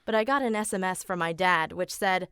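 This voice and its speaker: A woman's voice: on the low side, a little fast, fairly bright tone, clean tone, no echo, clean studio sound, lightly acted. A woman voicing an eighteen-year-old girl narrating her own story in an animation, in a plain, matter-of-fact way, as scripted first-person narration. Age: young adult.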